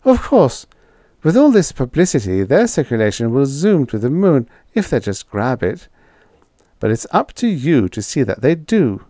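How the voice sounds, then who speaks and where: A man voicing a sharp-tongued young woman secretary who answers in curt, acid retorts. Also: mid-range voice, sing-song, moderate pace, no echo, studio quality, pitched above the performer's own voice, close to an everyday voice. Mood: tart.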